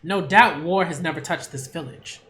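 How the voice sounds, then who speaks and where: A man reading out the formal lines of a calm grown warrior from a comic. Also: on the high side, normal speed, background noise, close to an everyday voice.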